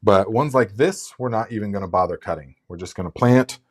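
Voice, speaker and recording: A man's voice: fairly low pitch, brisk. A man hosting a casual live gardening Q&A, chatty and rambling, with lots of fillers and restarts. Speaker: gardening channel host.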